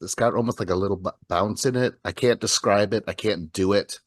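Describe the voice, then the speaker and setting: A very low-pitched man with a Wisconsin accent, co-hosting a podcast in easy, rambling chat. He laughs often and lets thoughts trail off. His voice sits close and dry, with no room sound. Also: brisk, no room sound. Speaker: podcast co-host. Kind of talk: casual chat.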